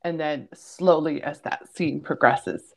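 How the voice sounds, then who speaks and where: Low-voiced woman reminiscing expressively. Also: a little slow, gravelly, darkish tone. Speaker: panel guest. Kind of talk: casual discussion.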